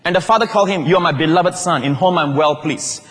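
A fairly high-pitched pastor talks fast as he preaches in a big-room space. He keeps the sermon lively by asking the congregation if they're listening, calling for amens, and tossing in asides.

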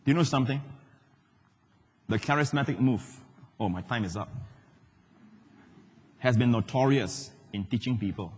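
Middle-aged man preaching, loud then hushed, slightly husky, recorded live in a big echoing church. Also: mid-range voice, normal speed, long pauses. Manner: animated preaching, swings between loud and hushed. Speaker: pastor. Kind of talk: sermon. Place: large church hall. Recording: live church hall with long reverb.

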